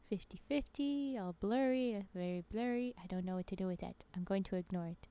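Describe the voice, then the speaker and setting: A woman streamer talks casually into a desk microphone while she plays a game, with mouse clicks behind her. Her voice is mellow and warm, at a middling pitch. She is playful and laughs a lot, then slips into soft muttering when she focuses. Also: a little fast, few pauses, clean tone. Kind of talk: casual chat while gaming.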